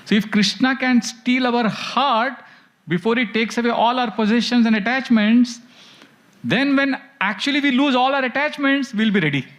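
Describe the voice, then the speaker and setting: A man's voice: extremely high pitch, normal speed, a bit bright. A man teaching a devotional class, telling stories with animation and chanting verses. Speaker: spiritual teacher.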